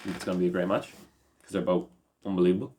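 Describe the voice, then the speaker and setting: A man's voice: low-pitched, fairly even intonation, fast talker, mellow. A tired Irish man co-hosting a podcast, rambling and stumbling through recaps in casual chat. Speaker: podcast co-host.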